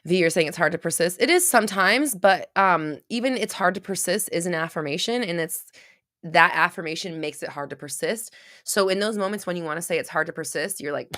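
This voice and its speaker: A woman's voice: fairly low pitch, animated, brisk, fairly bright tone. A woman hosting a livestream who answers chat questions, talking bluntly with swearing, restarts and rambling asides. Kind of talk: casual livestream advice talk.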